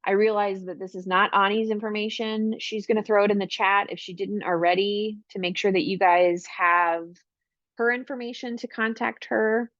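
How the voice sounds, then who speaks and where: A woman presenting an online parenting workshop, talking casually and leaning on fillers like "right?" and "like". Her voice is mid-pitched and sits close and dry, with a slightly muffled, dull video-call sound. She slips into a brighter, upbeat tone when she acts out what a parent might say. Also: steady tone, moderate pace, no room sound.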